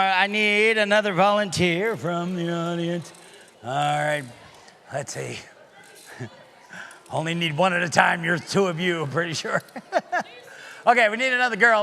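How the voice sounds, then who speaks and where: A man performs comic magic-show patter for a family audience, joking, teasing and calling out loudly to the crowd. His voice sits high and sounds bright and forceful. There is a faint hiss of background noise. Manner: playful, teasing, loud, calls out to the crowd. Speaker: magician and children's entertainer. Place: synagogue sanctuary in front of a live audience.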